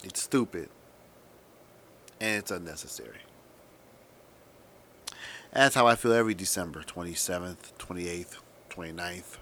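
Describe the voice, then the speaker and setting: A man hosting a podcast, delivering a sarcastic, profane comedic monologue that swings between loud emphasis and muttered asides. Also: low-pitched, measured pace, pauses often, a little hiss or hum. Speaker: podcast host.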